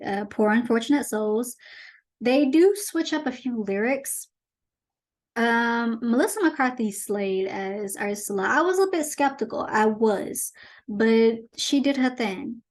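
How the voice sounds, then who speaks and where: A woman hosts her own commentary show, speaking in a slightly high voice. She is chatty and animated as she retells a movie in a casual, conversational way. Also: measured pace. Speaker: host.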